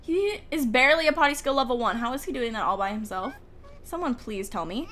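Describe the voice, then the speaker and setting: A woman's voice: on the high side, expressive, brisk, a bit bright, slight background noise. A young woman casually commentating a life-sim game from home, chatty and giggly, talking to her characters. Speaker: gaming YouTuber. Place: home room with the window open. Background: faint outdoor ambience.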